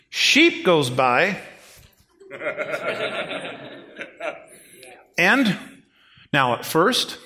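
A middle-aged man preaching a sermon in a folksy, animated storytelling way. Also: fairly high pitch. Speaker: pastor.

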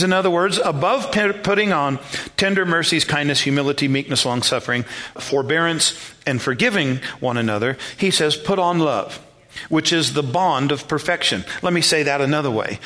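A man's voice: on the high side, fairly quick, bright, forceful tone. A middle-aged male pastor preaching a sermon in a conversational, self-deprecating way, calling on the congregation to repeat words and respond.

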